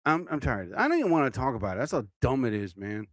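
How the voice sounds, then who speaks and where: A man's voice: mid-range voice, big pitch swings, fast, a bit bright, no echo. A tired man hosting his own livestream podcast, rambling casually and yawning as he talks. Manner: drowsy, yawning, meandering talk. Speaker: podcast host.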